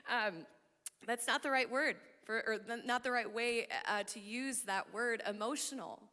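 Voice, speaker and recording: Woman, sermon, bright voice, animated, laughs often, long church hall reverb. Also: a little high, normal speed. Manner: animated, loud when excited, laughs often. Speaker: church speaker. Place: church auditorium.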